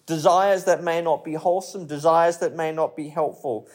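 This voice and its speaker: His pitch is fairly high and his tone steady and darkish as he delivers a sermon at a normal pace. The preacher keeps it conversational, repeating himself, restarting sentences midway, and sprinkling in stories and light jokes.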